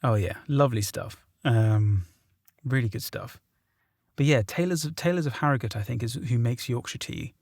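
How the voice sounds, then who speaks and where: A man's voice: medium pitch, normal speed, a little mellow, no echo, clean studio sound. A man with a southern English accent, a guest in a casual podcast chat, talking hesitantly with many ums and restarts. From south of England.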